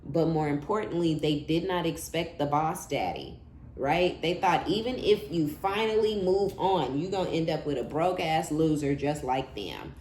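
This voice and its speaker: Low-voiced blunt woman reading tarot. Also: lively intonation, normal speed, darkish tone. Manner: blunt, profane, laughing asides, slangy. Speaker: tarot reader. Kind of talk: casual tarot reading monologue. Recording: echoey room with faint background hum.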